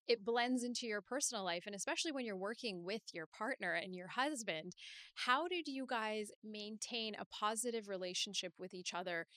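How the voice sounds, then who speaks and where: A woman's voice: medium pitch, sharp tone, no echo, clean studio sound. A woman hosting an interview show, reflecting on the guest's story and asking questions. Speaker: podcast host.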